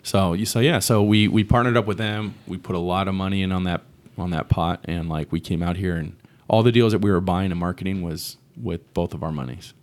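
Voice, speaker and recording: A man with a very low, deep voice, chatting as a podcast guest. He sounds loose and slangy, tossing in dude and bro as he explains things. It is a casual, easygoing conversation. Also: steady tone, brisk, hardly any pauses. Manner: laid-back and slangy, says dude and bro. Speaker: guest, real estate investor.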